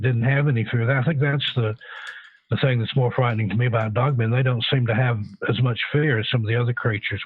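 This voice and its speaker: A man's voice: mid-range voice, slightly rough, no echo. A man from the Pacific Northwest calling in as a guest on a radio show, answering in a thoughtful, hesitant way with many fillers. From Pacific Northwest, United States. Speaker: guest, paranormal researcher. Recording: tinny phone line.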